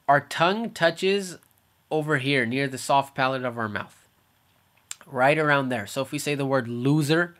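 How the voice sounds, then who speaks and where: A young man giving a casual lesson on letter sounds, repeating each sound slowly to demonstrate it. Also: a little high, a bit bright. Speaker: Arabic letters teacher.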